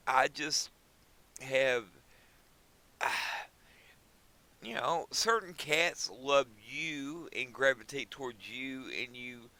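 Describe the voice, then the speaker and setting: A man's voice: mid-range voice, animated, slow, pauses often, pushed and bright, low-quality recording. A middle-aged man hosting a pet channel, rambling folksily to his viewers with lots of fillers. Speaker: pet and fish-keeping channel host. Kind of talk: casual chat to viewers.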